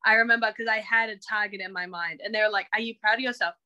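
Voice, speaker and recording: A woman's voice: medium pitch, fairly even intonation, quick pace, sharp tone, muffled recording. A young woman telling her story to her coach in a casual interview, acting out what she and others said. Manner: chatty, acts out quoted remarks. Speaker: coaching client.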